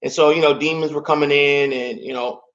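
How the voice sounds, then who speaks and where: A man's voice: a little high, fairly even intonation, brisk, fairly bright tone, lo-fi sound. A man in his thirties, a podcast guest, telling a personal story in a casual, emotional way, with "man" and "like" in almost every line. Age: 30s.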